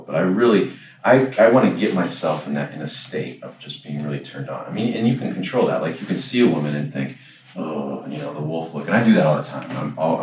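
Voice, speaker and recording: A man coaching a class in a casual, rambling way, often correcting himself and acting out example lines. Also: a bass voice. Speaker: dating coach. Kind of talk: casual workshop lecture. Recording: echoey room, far from the mic, faint background noise.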